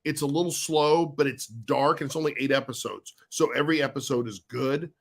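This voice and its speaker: A man co-hosting a casual live stream, talking haltingly and repeating words as he searches for them. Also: mid-range voice, creaky. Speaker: co-host.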